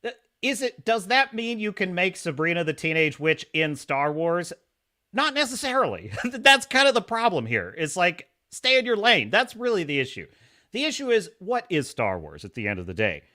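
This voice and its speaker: A man hosting a live stream, talking in a sarcastic, animated way and reading chat messages aloud. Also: high voice, normal speed. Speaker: podcast host.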